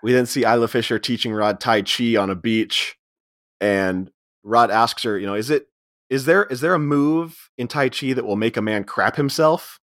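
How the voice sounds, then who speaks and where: A man co-hosting a casual film podcast, walking through scenes in order. His voice sits at an ordinary pitch and sounds close and dry. He slips into quick quoted lines and laughs along. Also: a bit bright, no room sound. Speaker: podcast co-host. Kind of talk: casual movie recap chat.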